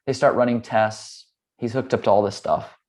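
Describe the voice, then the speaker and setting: Lowish-voiced male yoga teacher, relaxed interview guest, easy storyteller who acts out his characters. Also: moderate pace. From Hawaii and California, US. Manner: relaxed, chatty, with many "um" and "like" fillers. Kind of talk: casual conversational storytelling.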